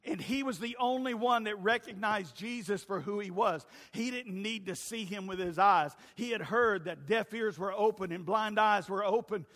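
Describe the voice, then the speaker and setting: Pastor, high bright voice, loud preaching with hushed drops, long hall reverb. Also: male voice, normal speed, hardly any pauses. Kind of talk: sermon.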